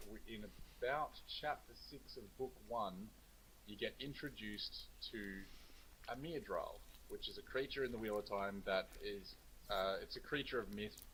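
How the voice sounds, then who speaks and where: A man's voice: lowish voice, moderate pace, fairly bright tone, slight background noise, low-quality recording. A young man, a co-author on a video call, talking casually and hesitantly with many fillers. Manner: hesitant, lots of ums and uhs. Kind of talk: casual chat.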